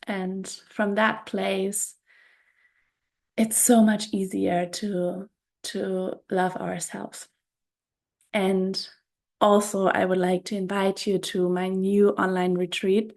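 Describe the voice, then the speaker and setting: Woman, spiritual podcast host, unhurried reflective monologue, level delivery. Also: mid-range voice. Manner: soft, unhurried, repeats words and phrases.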